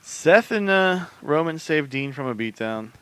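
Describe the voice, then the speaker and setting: A man co-hosting a podcast in casual chat, giving animated, joking recaps. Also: fairly high pitch, a little slow, clean tone. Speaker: podcast co-host.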